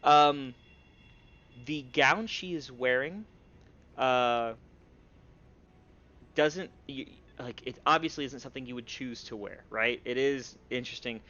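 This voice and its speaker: Halting male game master, lo-fi audio. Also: medium pitch, pushed and bright. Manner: halting, with many fillers and restarts. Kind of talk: narrating a tabletop game.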